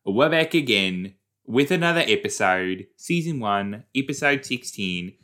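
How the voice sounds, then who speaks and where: With a fairly low, expressive voice and a fairly bright tone, a young podcast host talks a little slowly while reacting to a TV episode. His watch-along is rambling and playful, sprinkled with jokes and silly put-on voices.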